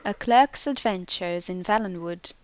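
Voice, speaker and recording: A woman narrating an audiobook in slow, deliberate storytelling. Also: lowish voice, a little mellow. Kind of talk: scripted narration.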